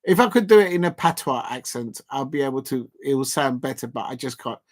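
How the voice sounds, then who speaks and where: A man hosting his own live stream with an easygoing, playful manner. He chats casually, falls back on repeated catchphrases and chuckles to himself. His voice sits at an ordinary middle pitch. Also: expressive, fairly quick.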